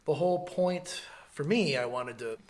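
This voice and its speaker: A man's voice: on the high side, normal speed. A man from the American Midwest co-hosting a podcast, chatting casually with a joking, laid-back manner and lots of fillers. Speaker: podcast co-host. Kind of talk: casual chat.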